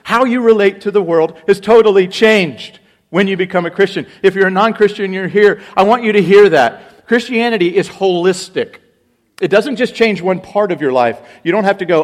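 A man preaching a sermon, swinging between loud exclamations and hushed, intense passages. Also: sits high, lively intonation, moderate pace. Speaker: pastor.

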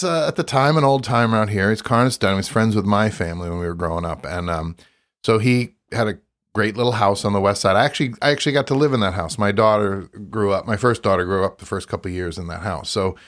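A middle-aged man with a somewhat low voice, reminiscing in an easy, rambling way. He strings stories together with plenty of fillers and asides. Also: fast talker, a bit bright. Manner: rambling anecdotal storytelling with many fillers. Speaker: local storyteller guest. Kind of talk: casual reminiscing conversation.

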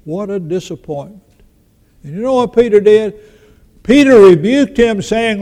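A man's voice: high voice, unhurried, pauses often, warm tone. An older man preaching a sermon in a folksy storytelling manner, acting out the voices of the people he quotes. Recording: long reverb in a large hall.

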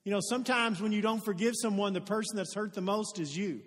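Male pastor, high voice, earnest sermon in a church hall with long reverb. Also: fast, fairly bright tone. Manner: earnest storytelling, rising to emphatic peaks. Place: church sanctuary.

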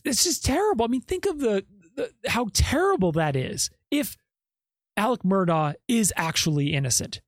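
A man's voice: high-pitched, no echo. Emphatic man with a dry podcast mic. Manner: emphatic, keeps asking "okay?" and "right?". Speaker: podcast host. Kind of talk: casual commentary. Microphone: podcast microphone.

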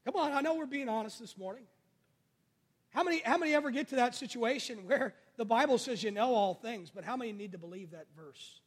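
High-voiced man preaching in echoing church. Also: brisk, slightly rough. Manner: call-and-response preaching, rising and falling in volume. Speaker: pastor. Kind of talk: sermon.

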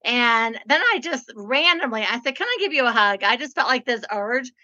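Bright, high-voiced chatty woman. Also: normal speed, lo-fi sound. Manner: chatty, animated storyteller. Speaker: podcast host. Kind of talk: casual chat.

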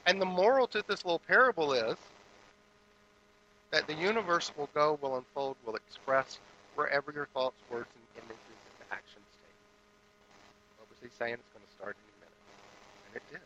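A man minister giving a sermon that moves from a hushed guided meditation into lively storytelling. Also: fairly high pitch, a little hiss or hum, poor audio.

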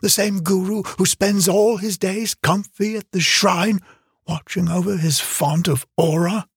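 A man's voice: high-pitched, steady tone, measured pace, breathy edge, dry recording, clean studio sound, voice pushed up, full character voice. Man playing a moody, proud 12-year-old boy. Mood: sulky. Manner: curt, sulky, defiant. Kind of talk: audiobook character reading.

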